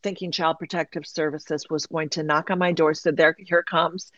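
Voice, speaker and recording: Woman guest, candid storytelling, animated, slips into quoted voices; dry, slightly dull sound. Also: low voice, normal speed, no echo. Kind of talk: candid personal story in conversation.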